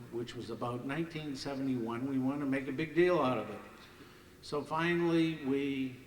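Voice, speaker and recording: A man's voice: medium pitch, slight background noise. Older man spinning stories in a hall. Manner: lively, acts out the voices of others. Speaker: hall of fame ceremony speaker. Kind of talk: anecdotal after-dinner storytelling. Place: banquet hall stage. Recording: echoey hall from far off.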